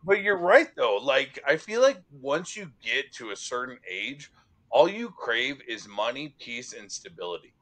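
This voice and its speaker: A man's voice: mid-range voice, very animated, unhurried, a bit bright. A man hosting an interview, chatting casually and agreeing with his guest. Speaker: interviewer and host. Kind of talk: casual conversation.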